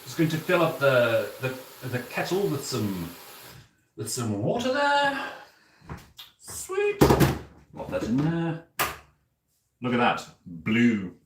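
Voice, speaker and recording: Campy, theatrical demon owl prince, performed by a man, slow and drawling with huge pitch swings, in an echoey kitchen. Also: wildly swooping pitch. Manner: campy, theatrical, giggly, calls chat darling. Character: flamboyant aristocratic male owl demon prince. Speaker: cosplay streamer. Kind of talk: in-character cooking livestream. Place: apartment kitchen. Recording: echoey kitchen with background noise.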